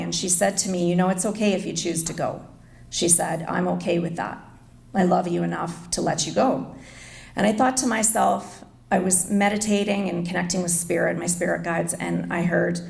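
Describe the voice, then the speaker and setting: Gravelly-voiced woman telling her story. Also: lowish voice, a little mellow. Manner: earnest, confessional storytelling. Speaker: speaker at an inspirational event. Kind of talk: personal story speech. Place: hotel event room. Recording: echoey room.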